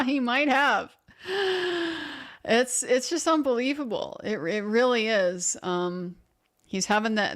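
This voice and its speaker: A woman hosting a live legal commentary stream, reading viewer comments aloud and answering them in a conversational, opinionated way with frequent restarts. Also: mid-range voice. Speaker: legal commentary livestream host.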